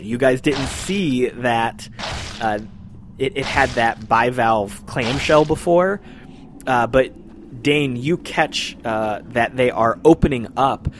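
A man's voice: mid-range voice, a little hiss or hum. A man narrating as game master in a tabletop game, describing scenes unhurriedly.

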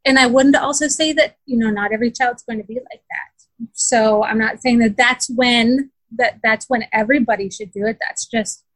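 A woman's voice: a little high, fairly even intonation, moderate pace, a bit bright, no echo, rough recording. A woman in a casual interview, earnestly telling how her daughter struggled, with many fillers and restarts. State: close to tears. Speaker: parent describing her daughter's learning.

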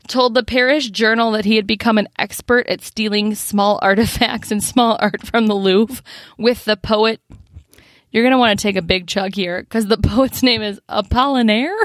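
A woman's voice: medium pitch, fairly bright tone, no echo, clean studio sound. A woman with a Midwestern accent co-hosting a podcast in casual chat, self-mocking and laughing often. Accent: Midwestern American. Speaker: podcast co-host.

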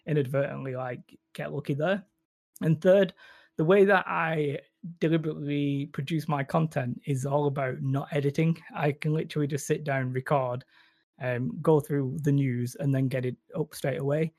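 A man's voice: a little high, fairly even intonation, normal speed, creaky, a little mellow, no echo. A man with a Northern English accent, chatting casually as a podcast guest in a rambling, self-deprecating way. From Northern England. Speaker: guest YouTuber.

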